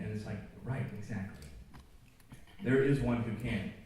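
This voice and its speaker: A man's voice: on the low side, moderate pace, a little mellow. A man giving an informal chapel talk at a school, conversational and joking, with plenty of asides. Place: large school auditorium. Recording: echoey hall, distant mic, faint noise.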